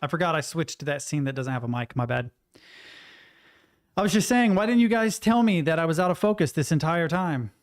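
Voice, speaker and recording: A young male streamer chatting loosely with his viewers, ranting and cursing as he goes. His voice sits a bit high for a man, and he tells his stories with lively energy. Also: brisk. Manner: ranting, swearing, animated. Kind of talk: casual live-stream chat.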